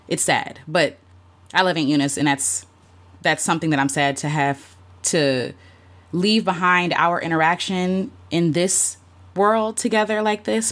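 An emotional woman talks through her year on a live stream, loose and candid, full of "um" and "like." Her voice sits a little low for a woman. She stops often to greet and thank viewers by name. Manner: heartfelt, talks openly with lots of fillers and "like". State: emotional, near tears at times. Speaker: content creator hosting a livestream. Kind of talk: casual live-stream chat reflecting on the year.

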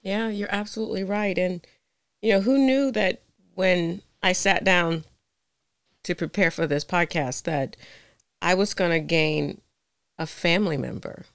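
Smooth-voiced effusive woman host. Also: fairly low pitch, measured pace, long pauses, no echo, studio quality. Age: 40s. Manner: effusive, openly emotional. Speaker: podcast host. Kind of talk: podcast conversation.

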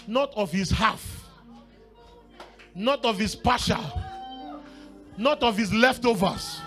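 A man preaching a sermon with fervor, dropping to a hush and then rising to shouts and half-sung phrases, sometimes speaking in tongues. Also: high-pitched, slow, long pauses, soft background music. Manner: fervent, swings from hushed to shouting and half-singing.

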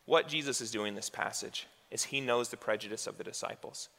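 A man's voice: mid-range voice, a little fast, vocal fry, sharp tone. A male pastor preaching a sermon in a conversational way, asking rhetorical questions as he goes. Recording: long hall reverb.

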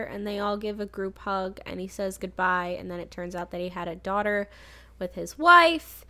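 A woman's voice: mid-range voice, moderate pace, sharp tone. Chatty young woman recapping a movie. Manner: chatty, rambling, laughs often. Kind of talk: casual movie recap chat.

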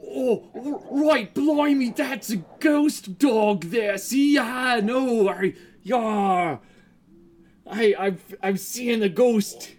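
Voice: mid-range voice, extremely slow, darkish tone. A performer voicing a bumbling, stammering British sidekick in an improv comedy sketch. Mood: startled. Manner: hesitant, stammering.

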